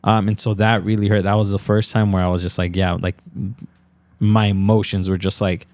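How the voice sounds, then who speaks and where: A man as a podcast guest in casual conversation, earnest and halting, full of fillers and close to tears. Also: lowish voice, little pitch movement, darkish tone, no echo.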